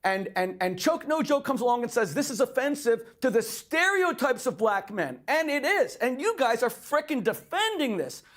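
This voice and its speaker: A man's voice: very high voice, very animated, moderate pace, hardly any pauses, a bit bright. A middle-aged man in a heated debate, talking emphatically and insisting again and again on his turn to respond. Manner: emphatic, repeatedly demands to respond. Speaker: debate guest.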